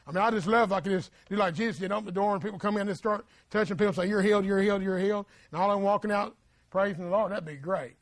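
A man's voice: sits high, very fast, no echo. A man preaching a sermon in a folksy, plain-spoken way, repeating phrases and asking the congregation for agreement.

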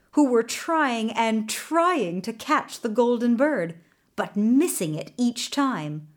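A woman narrating a folk tale from a storybook, reading with voiced characters. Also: on the high side.

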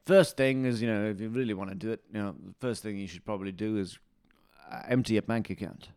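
Pompous deadpan low-voiced man. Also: quick pace, clean tone, no room sound, clean studio sound. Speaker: dialect coach character. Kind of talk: deadpan comic interview.

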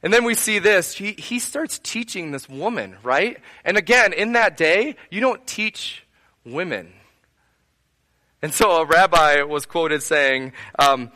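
A man's voice: a little high, expressive, a little slow, bright, forceful tone. A man preaching a sermon to his congregation, earnest, building repeated phrases into lists and asking them direct questions. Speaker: pastor.

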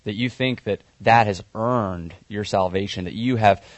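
A male pastor delivers a sermon in a conversational, storytelling way, with the odd "um". His voice sits on the lower side. The sound is dry and close to the mic. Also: unhurried, no echo.

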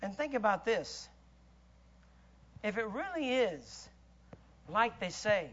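A man preaching a sermon in a church, emphatic and rhetorical, swinging between loud declarations and hushed asides. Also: sits high, animated, moderate pace, long pauses, highs cut off.

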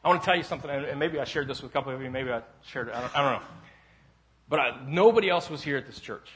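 A man pastor preaching a casual sermon in a church sanctuary, telling rambling self-deprecating stories that break into loud shouts. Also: mid-range voice, racing, a little hiss or hum. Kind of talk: conversational sermon.

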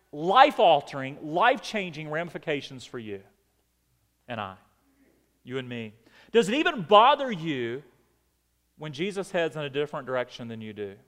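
A high-pitched male pastor preaching a sermon to his congregation. He builds to forceful, emphatic peaks and then sinks into quiet, low phrases. His voice rings with a long hall reverb. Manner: preaching with rising emphatic outbursts and dramatic drops. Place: church sanctuary.

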